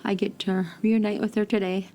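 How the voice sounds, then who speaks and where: A woman's voice: mid-range voice, level tone, normal speed, dark tone, faint music behind. A woman relative speaking in a heartfelt, emphatic interview. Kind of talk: emotional interview.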